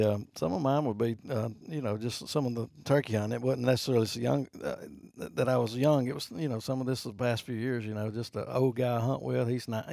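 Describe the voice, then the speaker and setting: A middle-aged man from Alabama with a Southern accent, telling hunting stories in a halting, casual way full of fillers. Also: medium pitch, vocal fry, a little mellow, no echo, studio quality. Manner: halting, loaded with fillers and restarts. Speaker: podcast guest. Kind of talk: casual storytelling.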